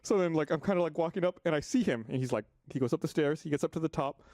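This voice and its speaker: A man telling a story on a podcast, animated and swearing freely. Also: on the high side, racing, dry recording, studio quality. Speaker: podcast regular. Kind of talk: casual storytelling. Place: podcast studio.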